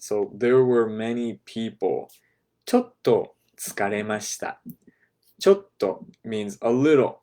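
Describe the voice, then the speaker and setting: A man teaching a class, patiently breaking phrases down step by step and checking in with "right?", sometimes dropping to a soft, quiet voice. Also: lowish voice. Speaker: language teacher. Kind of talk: explaining a lesson to a class.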